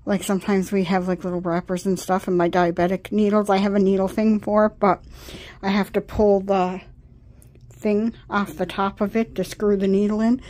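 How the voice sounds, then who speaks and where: A woman's voice: medium pitch, flat delivery, moderate pace, a little mellow. A tired woman chatting casually at her desk at home, rambling and getting sidetracked as a vlogger. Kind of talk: casual chat.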